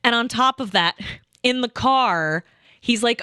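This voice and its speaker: Bright-voiced woman telling a rambling story. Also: fairly high pitch, unhurried, clear, resonant tone, no room sound, studio quality. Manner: rambling, profane, with lots of asides. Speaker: streamer. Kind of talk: casual storytelling.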